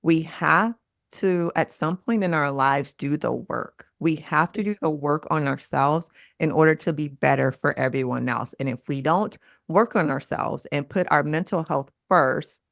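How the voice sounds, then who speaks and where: A woman's voice: low voice, a little slow, creaky, no room sound, studio quality. A woman in her thirties, a mindset coach, talking earnestly in a casual podcast chat and acting out quoted lines. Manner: earnest, animated, acts out quotes.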